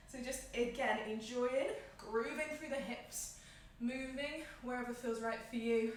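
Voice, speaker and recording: A woman leading a home yoga class, giving calm, encouraging cues in time with the breath, a little out of breath. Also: fairly high pitch, a little hiss or hum. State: slightly out of breath. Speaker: yoga instructor. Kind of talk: guided yoga class instruction. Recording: echoey room, mic at a distance.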